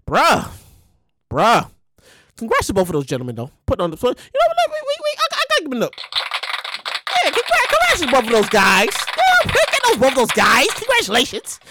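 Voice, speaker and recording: Loud woman podcast host ranting casually, high animated voice, dry close sound. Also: dry recording. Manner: animated, profane, acts out quotes in bursts. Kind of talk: casual monologue.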